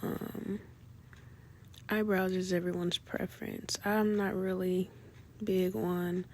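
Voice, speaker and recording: A woman casually narrating a makeup tutorial in a relaxed, chatty way, often pausing on "um" and correcting herself. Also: fairly low pitch, a little hiss or hum. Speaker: beauty vlogger.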